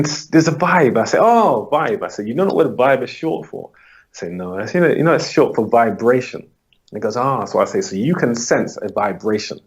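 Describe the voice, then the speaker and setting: A man's voice: fairly low pitch, a little mellow, breathy edge. A man being interviewed as a holistic coach, patiently explaining his approach and acting out his talks with clients. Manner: acts out client dialogues, brisk and patient. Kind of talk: conversational explanation.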